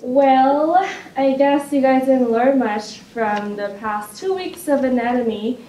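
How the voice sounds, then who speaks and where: A young woman acting a brisk teacher addressing a class in an amateur skit. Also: sits high, dark tone, reverberant, distant mic, slight background noise, poor audio. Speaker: student playing a teacher in a skit.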